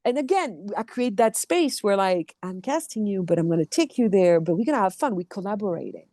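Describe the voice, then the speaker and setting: Woman, expressive storyteller, conversational interview, dry sound. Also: medium pitch, brisk, no echo. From France. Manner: animated storyteller acting out quotes, restarts often. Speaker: actor and dub producer. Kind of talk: casual interview chat.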